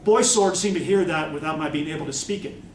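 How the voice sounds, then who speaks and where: Author reading his novel at a convention, high for a man, echoey room. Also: fairly quick, a little hiss or hum. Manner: expressive first-person narration. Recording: echoey room, mic from far off.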